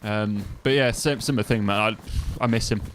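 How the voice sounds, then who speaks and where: A man's voice: lowish voice, brisk, a bit bright, slight background noise. Chatty East Midlands man streaming a game. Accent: East Midlands English. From East Midlands, England. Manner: chatty, rambling, trails off and restarts. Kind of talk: casual gameplay commentary.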